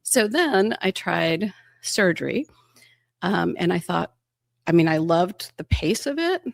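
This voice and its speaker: Woman in her fifties, low gravelly voice, dry close sound, animated storyteller, interview guest. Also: takes it slowly, no room sound. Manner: animated, acts out quoted dialogue, laughs often. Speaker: emergency room physician guest.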